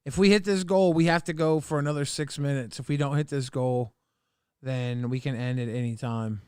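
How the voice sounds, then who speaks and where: A man's voice: mid-range voice, flat delivery, normal speed, a little mellow, clear, resonant tone, dry recording, studio quality. Teasing man co-hosting a livestream. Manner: teasing, reads chat aloud. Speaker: livestream co-host. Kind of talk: casual livestream chat.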